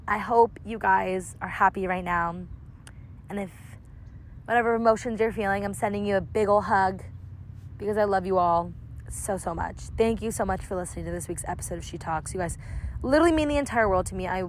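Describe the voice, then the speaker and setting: A woman's voice: mid-range voice, brisk, a little hiss or hum. A woman in her early twenties hosting a casual solo podcast, chatty and affectionate with lots of filler likes, recorded outdoors on a seaside lawn. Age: early 20s. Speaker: podcast host.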